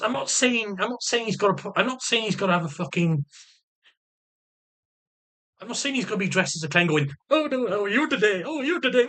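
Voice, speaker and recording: A middle-aged man vents in a casual monologue, his fairly high voice swinging widely in pitch. He swears freely, keeps restarting and repeating himself, and slips into imitations of the people he talks about. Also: pushed and bright, slightly rough. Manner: heated, profane, repeats and restarts phrases; mimics other people's voices. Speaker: vlogger.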